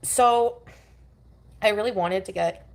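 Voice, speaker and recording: Woman streamer, middle pitch, loose rambling chat with viewers. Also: slow. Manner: rambling, greets chat often. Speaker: livestreamer. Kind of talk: casual live stream chat.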